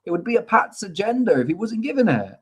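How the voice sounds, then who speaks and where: A man's voice: sits high, very animated, fast, slightly rough, rough recording. A young man co-hosting a sports podcast, chatting affably with jokes and tangents. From Ireland or UK. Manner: affable, rambling, joking. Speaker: podcast co-host. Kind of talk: casual chat.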